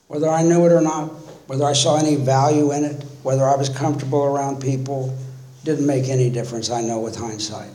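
A man's voice: mid-range voice, fairly even intonation, fairly quick, mellow. A man sharing his own recovery story at a meeting, wry and self-mocking, acting out what he thought back then. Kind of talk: personal recovery talk. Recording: echoey room with faint noise.

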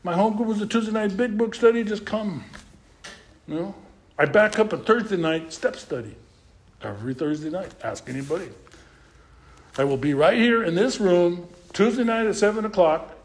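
A middle-aged man sharing his own story at a recovery meeting. He talks emphatically, swings from loud to hushed, and keeps saying "you know.". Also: high-pitched, lively intonation, normal speed. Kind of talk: personal testimony talk. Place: meeting room.

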